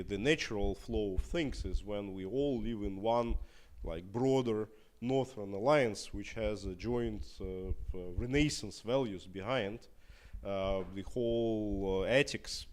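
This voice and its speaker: A Russian man with a fairly low voice, speaking English as a second language. He answers questions at a live event in a halting way, with frequent fillers and restarts. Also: darkish tone. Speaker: opposition politician guest. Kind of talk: live Q&A talk.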